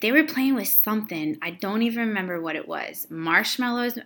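A woman's voice: medium pitch, animated, fairly quick, a bit bright. A woman and mother in casual chat, telling a family story candidly and swearing freely. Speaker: podcast co-host, mother.

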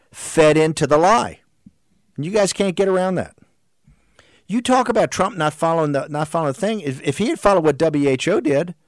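A man hosting a political talk show, delivering a heated, combative monologue full of rapid-fire rhetorical questions. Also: a little high, dry recording, clean studio sound.

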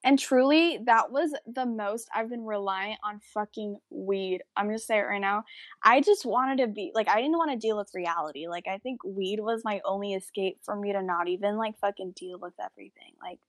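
A woman's voice: medium pitch, moderate pace, no echo. A young woman in casual chat, talking frankly and emphatically, swearing freely.

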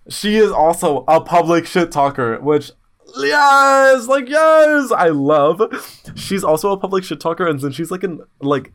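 On his podcast, a male host chats casually and tells stories. He's blunt and slangy, animated throughout, and his pitch jumps suddenly when he gets excited.

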